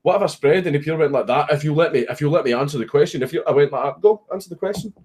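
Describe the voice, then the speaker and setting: Animated Scottish man telling a story. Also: fairly high pitch, very fast. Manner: animated, swearing, laughing at his own story. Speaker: streamer. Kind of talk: casual storytelling chat.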